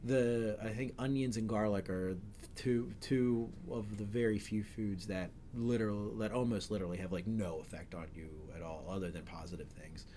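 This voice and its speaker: A man's voice: on the low side, fairly even intonation, normal speed, warm tone, slight background noise. A middle-aged man hosting a podcast, chatting casually in a rambling way with frequent self-corrections and jokes. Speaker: podcast host. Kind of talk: casual chat.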